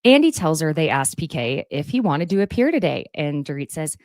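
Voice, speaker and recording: A woman in a casual, opinionated recap, talking in a chatty way with quick asides. Her voice sits a bit low but rises and falls a lot. The sound is dry, with no room echo. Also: big pitch swings, darkish tone. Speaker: recap host.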